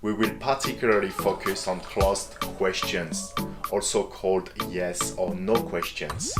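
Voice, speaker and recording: Deep-voiced man teaching French. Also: loud music behind the voice. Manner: clear, slow modeling of French phrases with rising intonation. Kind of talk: scripted online language lesson.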